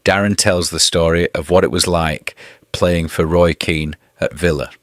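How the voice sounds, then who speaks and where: A man narrating a football countdown in measured, scripted, announcer-style delivery. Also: low-pitched, fairly even intonation, no room sound, clean studio sound. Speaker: narrator of the channel.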